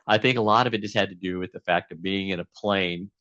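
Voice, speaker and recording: A man's voice: sits low, fairly even intonation, quick pace, a bit bright, no echo, highs cut off. A man being interviewed as a guest, telling a long story casually with many fillers and restarts.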